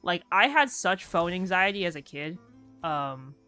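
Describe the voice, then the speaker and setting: This young woman streamer talks casually as she games, her lowish voice animated, unhurried, bright and forceful, with faint music behind her. Her storytelling rambles, and "like" turns up again and again.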